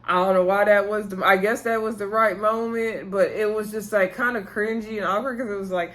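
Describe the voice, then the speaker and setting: A woman's voice: mid-range voice, fairly even intonation, a little fast, fairly bright tone. A woman vlogger casually recapping a reality show episode, chatty and full of filler words, acting out what people said.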